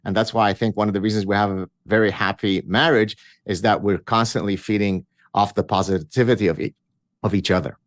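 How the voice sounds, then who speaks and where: A man's voice: fairly low pitch, fairly even intonation, brisk, dry recording, studio quality. A middle-aged man from Canada, a guest author, talking in a blunt, frank way and often restarting his sentences. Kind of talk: casual interview chat.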